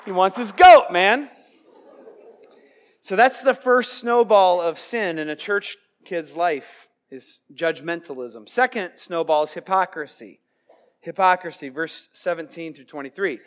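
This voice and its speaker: A man preaching a lively, jokey youth sermon, calling out to his listeners for amens. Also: a little high, unhurried, some chatter behind. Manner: animated, jokey, calls for amens. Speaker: youth pastor.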